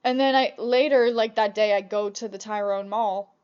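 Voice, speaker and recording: A young woman vlogger telling a casual storytime about old jobs, chatty and animated, swearing often. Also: medium pitch, moderate pace, clean tone, muffled recording.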